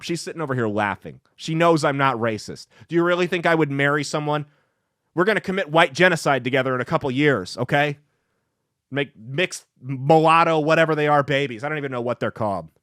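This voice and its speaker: A man's voice: on the high side, a little fast, a bit bright, no echo, studio quality. A man hosting a podcast, delivering a brash, emphatic opinion monologue full of crude jokes. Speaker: podcast host and comedian.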